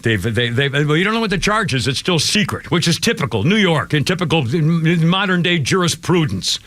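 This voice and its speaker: A man hosting a radio talk show, yelling in an indignant political rant and repeating himself. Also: a little high, lively intonation, fairly quick, few pauses.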